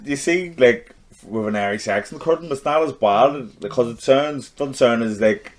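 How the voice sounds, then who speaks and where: A man's voice: medium pitch, moderate pace. A man with a Belfast accent, a comedian guest who chats in an easygoing, rambling way on a podcast. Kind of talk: casual podcast chat.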